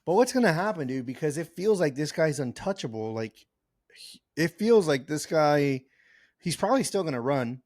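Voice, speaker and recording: A man's voice: a little high, sing-song, moderate pace, darkish tone. A man co-hosting a podcast in casual chat, rambling with fillers and restarts. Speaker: podcast co-host.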